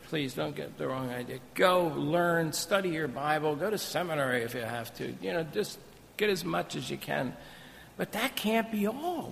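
Male missionary preacher, sermon delivery, gravelly tone, echoing sanctuary. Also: on the high side, slight background noise. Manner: animated, storytelling, jokey asides. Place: church sanctuary.

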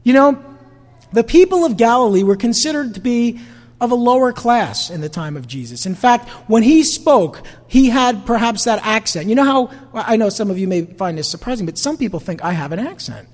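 Animated preacher with a New York accent. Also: male voice, very high voice, normal speed, big-room sound. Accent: New York-New Jersey. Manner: conversational preaching with rhetorical questions to the congregation. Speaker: pastor. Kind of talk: sermon.

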